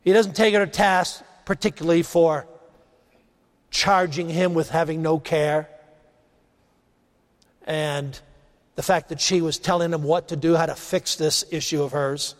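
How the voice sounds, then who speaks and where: A man preaching a sermon, rising to emphasize points and dropping low and quiet on key phrases. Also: steady tone, measured pace, pauses often, big-room sound.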